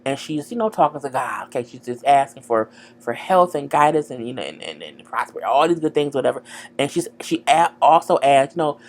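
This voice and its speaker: A woman's voice: rumbling low, expressive, brisk, darkish tone. A woman giving a chatty, frank recap of a TV episode, full of "girl" and "you know". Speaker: TV show recapper.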